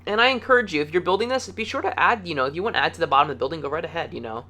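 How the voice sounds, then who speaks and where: Bright, chatty man counting blocks aloud. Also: on the high side, racing. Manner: upbeat and chatty, playful words, easygoing. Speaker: video game tutorial host. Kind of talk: casual game tutorial commentary, counting blocks aloud.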